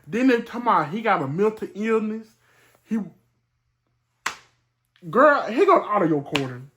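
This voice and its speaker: A woman's voice: mid-range voice, expressive, moderate pace. Chatty woman vlogger talking to viewers. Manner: chatty, repeats herself, calls viewers y'all. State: emotional. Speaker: vlogger host. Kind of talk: casual commentary to viewers.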